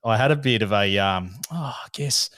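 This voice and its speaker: An Australian man in his thirties hosts a casual podcast chat, his voice hoarse and rough from a recent illness. He spins an animated story and laughs through the telling. The sound is dry and close, with almost no room to it. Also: lowish voice, normal speed, no room sound. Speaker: podcast host.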